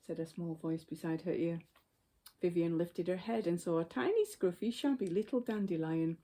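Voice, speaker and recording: Woman, storyteller, reading aloud, gentle, unhurried, low voice, mellow tone.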